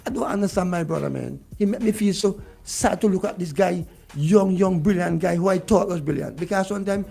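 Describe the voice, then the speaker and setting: A man's voice: high-pitched, a little fast, vocal fry, a little mellow, faint music behind. A man with a Vincentian accent, talking heatedly about politics on a radio show and repeating his points. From Saint Vincent. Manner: vexed, ranting, repeats points. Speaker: radio guest.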